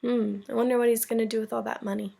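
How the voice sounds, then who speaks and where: A woman teacher reads a children's picture book aloud to her class. Her voice sits a little high and has a noticeable creaky fry. She keeps breaking from the text to chat with the children about the story. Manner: expressive, pauses to comment for young listeners. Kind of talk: children's read-aloud with chatty asides.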